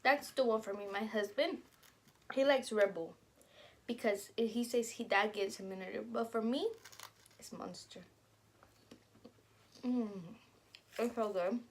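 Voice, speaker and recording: A woman's voice: fairly high pitch, unhurried, pauses often, slight background noise. A young woman casually telling stories to camera while eating, chatty and laughing along as she talks. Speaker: vlogger.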